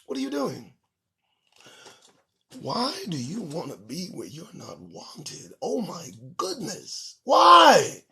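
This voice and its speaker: Hosting his own show alone, this man runs through the news headlines and tears into them, cursing and sarcastic throughout. His voice is high and fairly bright.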